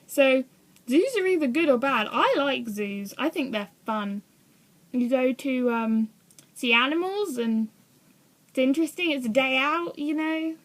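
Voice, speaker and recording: A woman's voice: high-pitched, animated, unhurried. A young woman vlogging in a casual, rambling way, often hesitant and poking fun at herself. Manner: rambling, hesitant, self-deprecating. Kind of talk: casual chat to camera.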